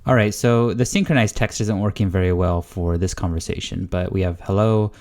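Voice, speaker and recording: Man, very low voice, warm and soft tone, casual walkthrough, relaxed, thinks aloud with lots of uhs. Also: a little fast. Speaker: language-learning channel host. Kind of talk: casual screen-recorded tutorial.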